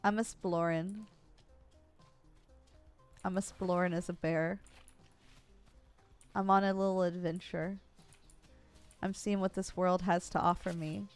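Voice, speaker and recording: A woman's voice: fairly low pitch, fairly even intonation, slow pace, long pauses, faint music behind. A woman streamer giving playful, chatty commentary while playing a video game. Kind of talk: casual gameplay commentary.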